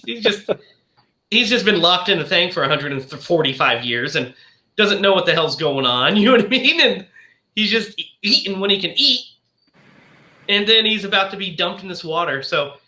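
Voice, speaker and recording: Male podcast host, bright and forceful, fairly high, animated plot recapper in an echoey room. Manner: animated storyteller who acts out the characters' lines. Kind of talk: casual movie discussion, retelling the plot. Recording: roomy echo.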